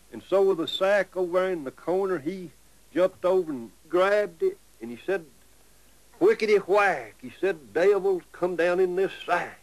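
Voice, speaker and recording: A man's voice: high voice, no echo, low-quality recording. An older man with a broad Appalachian accent telling a folk tale in an old-fashioned mountain storytelling way.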